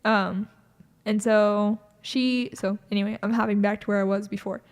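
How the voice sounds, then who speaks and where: A young woman co-hosting a podcast, retelling a film scene in casual chat and acting out the quoted lines with quick shifts of voice. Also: in a large hall. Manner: animated storyteller, acts out quoted lines with shifts of pitch. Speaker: podcast co-host.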